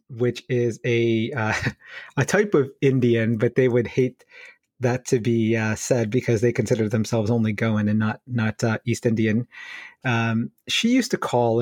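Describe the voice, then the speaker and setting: A man co-hosts a casual podcast and tells a story with lively energy, slipping into quoted dialogue and laughing as he goes. His voice sits at a middle pitch, and the recording is dry and close, with no room echo. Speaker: physiotherapist podcast co-host.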